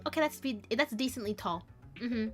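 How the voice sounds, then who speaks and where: A young woman, a streamer chatting casually with her live chat, giggly and quick to react. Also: on the high side, expressive, faint music behind. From Canada.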